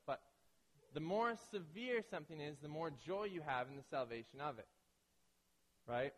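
A man preaching a sermon with a fairly high voice, talking to the congregation as if in conversation. He checks in often and slips into the voices of people in his stories. His voice rings out with the long reverb of a large hall. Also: animated, moderate pace, fairly bright tone. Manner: conversational, keeps asking "right?"; acts out quoted voices. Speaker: pastor.

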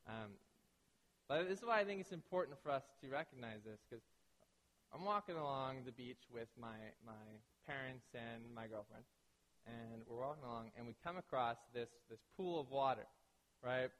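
At a moderate pace, a pastor with a medium-pitched, slightly bright voice delivers a sermon in a big-sounding room. He talks casually, keeps tossing in "right?", and voices the people in his anecdotes.

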